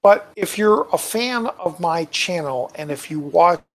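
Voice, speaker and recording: Brief: male channel host, tired and rambling, gravelly, slow, lively pitch swings. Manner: rambling, reads comments aloud, muttering asides. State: tired, yawning. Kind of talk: casual live-stream chat.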